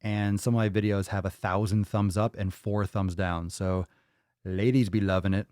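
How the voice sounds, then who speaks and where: A man's voice: lowish voice, flat delivery, moderate pace, a little mellow, clear, resonant tone, dry recording, studio quality. A man hosting a live fitness Q&A stream, blunt and profane as he answers chat. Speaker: fitness podcast host.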